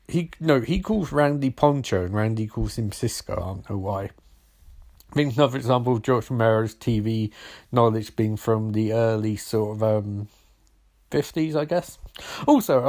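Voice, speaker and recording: A man's voice: medium pitch, a little mellow. A man casually recapping a film in a rambling, wry and sarcastic way, swearing now and then. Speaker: film reviewer.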